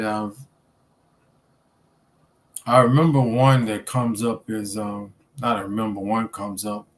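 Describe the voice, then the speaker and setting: A student minister with a fairly low voice is the guest in a casual storytelling interview. He sounds relaxed and conversational, using many fillers.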